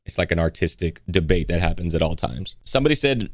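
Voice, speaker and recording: A man's voice: deep voice, animated, fast talker, no room sound, studio quality. A man hosting a music reaction video, talking loosely with lots of fillers and restarts. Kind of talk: casual reaction commentary.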